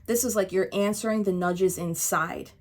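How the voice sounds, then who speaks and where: Woman doing a tarot reading, animated and emphatic, swears a bit, talks right to the viewer. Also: medium pitch, moderate pace. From United States. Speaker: tarot reader. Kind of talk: casual spoken tarot reading.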